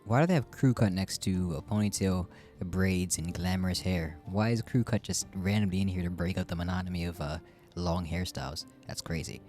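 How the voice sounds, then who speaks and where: Low-voiced chatty male streamer. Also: fairly quick, a little mellow, soft background music. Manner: chatty, rambling, self-deprecating. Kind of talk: casual gameplay commentary.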